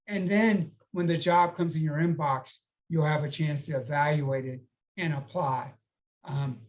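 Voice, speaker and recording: A man's voice: a little high, a little mellow, rough recording. A man working as a recruiter, giving conversational career advice on a panel and checking in with his listeners as he goes. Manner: conversational, advising with frequent "okay?" check-ins.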